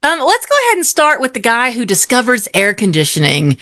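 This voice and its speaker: A woman's voice: fairly high pitch, big pitch swings, a little fast, fairly bright tone, no room sound, clean studio sound. A woman co-hosting a radio show from Texas, chatting and telling stories. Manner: chatty, storytelling. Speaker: radio co-host. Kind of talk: casual chat.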